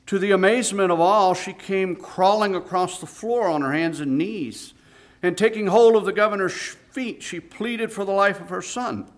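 A man preaching a sermon, telling a story dramatically, swinging between hushed and loud delivery. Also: high-pitched, normal speed.

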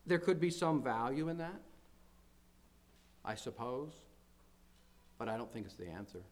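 A man's voice: mid-range voice, lively intonation, measured pace. A man preaching as pastor to his congregation, earnest, often repeating phrases and building to emphatic declarations. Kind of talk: sermon.

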